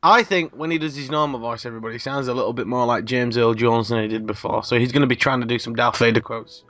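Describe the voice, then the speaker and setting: A man's voice: mid-range voice, steady tone, quick pace, a bit bright, no echo. A man hosting a casual gameplay video, upbeat and teasing as he chats and comments while playing. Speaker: gaming channel host.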